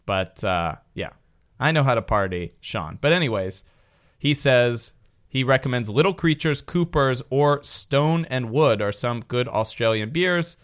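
A man's voice: mid-range voice, lively intonation, unhurried. A man hosting a podcast, chatting jokingly and then reading facts aloud in long runs. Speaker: podcast host. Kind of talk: casual chat with read-aloud facts.

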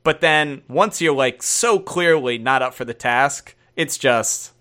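A man's voice: medium pitch, unhurried, bright, forceful tone. A man co-hosting a casual podcast chat, playful and jokey. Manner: jokey, playful, quotes people in funny voices. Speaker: podcast co-host.

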